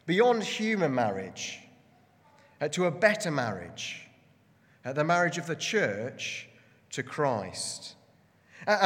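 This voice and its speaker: A man's voice: a little high, a bit bright, big-room sound. A man, a pastor preaching a sermon in a church with many ums and restarts. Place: church building.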